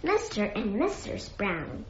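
A woman voicing a vain, cross stage actor who booms and growls dramatically. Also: big pitch swings, slow, a bit bright, a little hiss or hum, full character voice. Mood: indignant. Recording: echoey muffled lo-fi recording.

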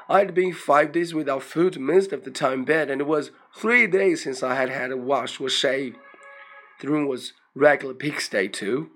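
A man's voice: mid-range voice, moderate pace, fairly bright tone. A man reading a first-person story aloud, in a plain storytelling manner with dry asides. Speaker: reader.

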